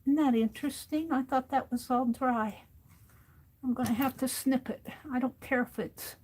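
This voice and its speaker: A woman's voice: high-pitched, a little mellow. A woman livestreaming as she crafts at her desk, chatting casually and thinking aloud to herself as she works. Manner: talks to herself while working, thinking aloud. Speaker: crafting streamer.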